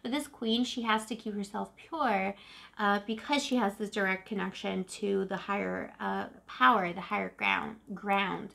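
A woman's voice: mid-range voice, steady tone, normal speed, vocal fry, bright, forceful tone. Chatty woman giving a tarot reading. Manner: chatty and emotive, says "boo-boo" to viewers. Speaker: tarot reader. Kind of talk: casual tarot reading to camera.

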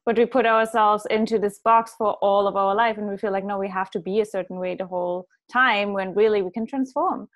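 A woman's voice: medium pitch, steady tone, brisk, few pauses. A woman hosting a reflective conversation. She speaks thoughtfully and often adds "like" and "right?" as she goes. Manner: thoughtful, many "like" and "right?" fillers. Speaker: host.

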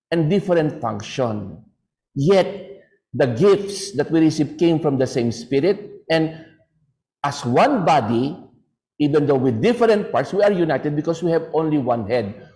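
A man on a panel, adding to an answer in a halting way, tagging phrases with "no?". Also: a little high, darkish tone, poor audio. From Philippines. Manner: halting, restarts, filler "no?". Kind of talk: answering a question in a panel talk.

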